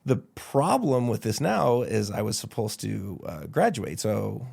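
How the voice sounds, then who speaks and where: A middle-aged man from Idaho, a podcast guest telling a story in a casual, animated way. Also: lowish voice, unhurried, creaky, husky. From Idaho, United States. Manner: animated, quotes people in character.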